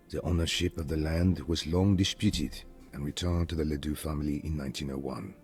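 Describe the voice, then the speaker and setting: A man voicing a grave game narrator who reads out an old historical account in a measured, solemn way. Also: extremely low pitch, darkish tone. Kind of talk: scripted narration.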